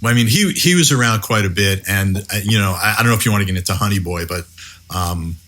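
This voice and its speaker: A man with a lowish voice that still comes across bright and forceful reflects on his past work. He speaks in a measured way, with fillers and restarts, in a relaxed podcast conversation. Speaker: executive producer and head writer.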